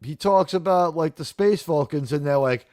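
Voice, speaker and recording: A man hosting a casual live-stream discussion, chatty and animated, often acting out characters' lines. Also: on the high side, moderate pace, no room sound, clean studio sound. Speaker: live show host.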